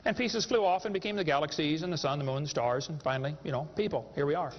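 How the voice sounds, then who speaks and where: A man putting on a deep, offhand professor. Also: fast, faint music behind, natural voice. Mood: dismissive. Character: condescending male university science professor. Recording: echoey hall, dull lo-fi sound.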